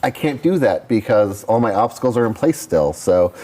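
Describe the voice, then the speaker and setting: A man co-hosting a live board game stream, thinking aloud and announcing each move deliberately. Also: lowish voice, expressive, dark tone. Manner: deliberate, thinks aloud over his moves. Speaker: co-host. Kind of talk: casual chat while playing a board game.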